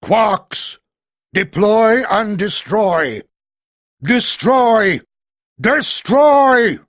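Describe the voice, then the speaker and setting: A belligerent baritone that bellows orders at full force, psychotically angry and proud, as a man puts it on. Every command comes out loud and slow. The room around it sounds dry. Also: expressive, dry recording, exaggerated voice.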